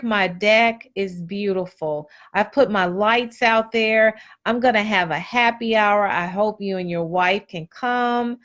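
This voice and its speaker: A woman hosts a live motivational stream, giving a casual motivational talk that is preachy, blunt, and colloquial, with repeated phrases. She speaks slowly in a medium-pitched, slightly bright voice.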